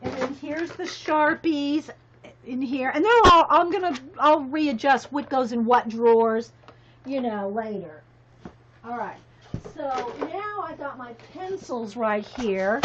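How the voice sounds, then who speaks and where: Rambling high-voiced woman vlogger. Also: slow, a bit bright, a little hiss or hum. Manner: rambling, laughs often, talks to viewers by name. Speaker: craft vlogger. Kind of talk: casual chat while organizing. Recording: dull lo-fi sound.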